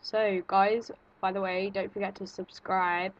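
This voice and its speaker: A woman's voice: medium pitch, flat delivery, unhurried, highs cut off. A woman giving nervous, jumpy let's-play commentary, thinking aloud and exclaiming as she plays. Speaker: gaming video creator.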